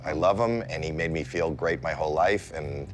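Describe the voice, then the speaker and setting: A man in his sixties, a celebrity guest, telling a story in a casual chat with lively comic timing that jumps into high-pitched yelps as he acts out scenes. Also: normal speed, soft background music. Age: 60s.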